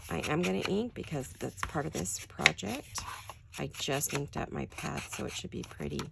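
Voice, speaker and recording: An older woman with a raspy early-morning voice chats quietly and casually to her viewers while she works on a craft project in her home studio. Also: low voice, expressive, moderate pace, very noisy. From California. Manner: quiet, chatty, addresses viewers directly. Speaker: crafting channel host.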